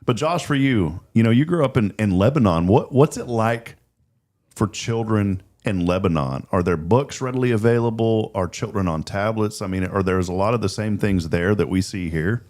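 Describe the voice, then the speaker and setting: A man's voice: lowish voice, normal speed, darkish tone. A man hosting a casual talk show, chatty and earnest, often repeating words as he starts a sentence. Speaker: host.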